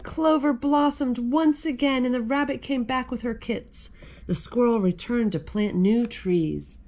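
A woman who is a children's librarian, reading a picture book aloud at storytime in a gentle, expressive way. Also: on the high side, a little slow, slight background noise.

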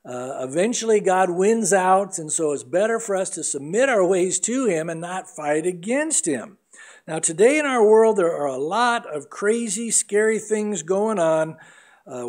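Middle-aged male pastor, earnest sermon delivery, higher-pitched voice. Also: lively intonation, unhurried, darkish tone. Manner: earnest preaching, acts out voices in anecdotes.

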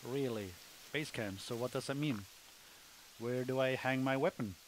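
A man's voice: medium pitch, normal speed, poor audio. A man casually commenting on a hunting video game as he plays, thinking aloud with wry asides. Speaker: gamer, let's play host.

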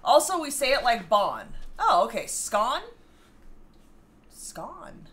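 Giggly woman on a baking stream reading comments, bright high voice. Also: very animated, moderate pace. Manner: giggly, reads viewer comments aloud. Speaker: cooking show co-host. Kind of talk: casual livestream chat.

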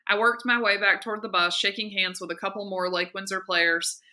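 Woman teacher, novel read-aloud, expressive, steady, very bright clear tone. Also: medium pitch, fairly quick. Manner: steady, lively expressive reading.

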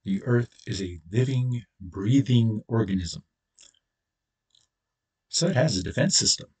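Male channel host, combative profane ranter, lowish husky voice. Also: unhurried, warm tone, far from the mic. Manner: profane, blunt, confrontational. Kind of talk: angry solo rant to camera.

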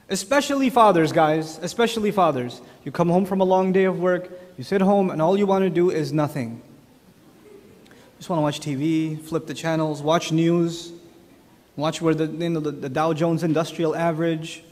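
A man giving an animated religious talk, telling stories and putting questions straight to his audience. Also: a little high, normal speed, long reverb tail. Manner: animated storyteller, addresses the audience directly with questions. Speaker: speaker at an Islamic lecture. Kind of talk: lively conversational religious talk.

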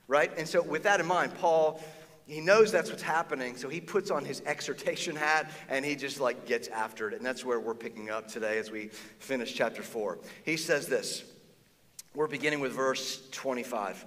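A male pastor preaching in a casual, animated way, his fairly high voice bright and forceful. The sound carries a long reverb from a large church auditorium. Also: moderate pace. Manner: conversational and animated, acting out quoted voices. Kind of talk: sermon.

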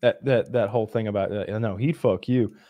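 A man's voice: lowish voice, a little fast, mellow. A man co-hosting a podcast, rambling through a story in casual chat with many restarts. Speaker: podcast co-host.

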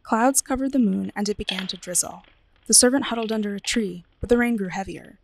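Gravelly woman reading a ghost story. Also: medium pitch, a little fast, slight background noise, poor audio. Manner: expressive, dramatic storytelling. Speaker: librarian.

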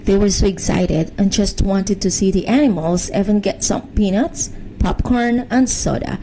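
A woman reading a bedtime story aloud in a gentle, soothing manner. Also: mid-range voice, normal speed, a little hiss or hum, low-quality recording.

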